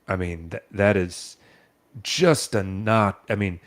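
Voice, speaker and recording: A very deep-voiced man argues his opinions in a casual chat. He is emphatic and sure of himself. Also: slow pace.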